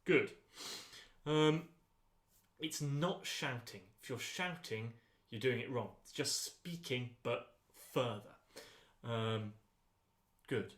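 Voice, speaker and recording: Guy running a choir voice lesson, slow and calm, lots of ums, roomy echo. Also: medium pitch. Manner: calm, unhurried instructing with frequent ums. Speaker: choir voice teacher. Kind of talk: rehearsal voice lesson. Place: rehearsal room. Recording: echoey rehearsal room.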